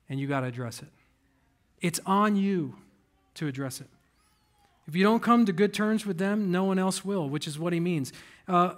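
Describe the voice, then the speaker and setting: A middle-aged man with a high voice preaches a sermon. He drops low for quiet asides and then lifts into emphatic, driving passages. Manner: dynamic preaching, swinging between quiet and emphatic. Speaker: pastor.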